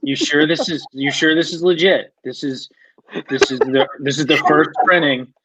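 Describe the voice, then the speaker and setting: A man's voice: fairly high pitch, fairly even intonation, moderate pace, noisy background. A man improvising a scene, talking in restarts and repeats. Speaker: improv performer. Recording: dull lo-fi dry sound.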